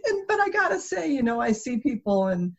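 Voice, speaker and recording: A woman's voice: fairly high pitch, a little fast, creaky. A woman guest in a conversational interview, telling stories with animation and frequent laughter. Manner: animated storytelling, laughs often. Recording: dull lo-fi interview audio.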